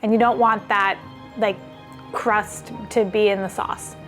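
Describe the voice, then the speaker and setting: A woman's voice: mid-range voice, flat delivery, a little slow, over music. A woman hosting a casual cooking vlog, chatting enthusiastically as she cooks in her home kitchen. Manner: chatty and enthusiastic, thinks aloud while cooking. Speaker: cooking video host.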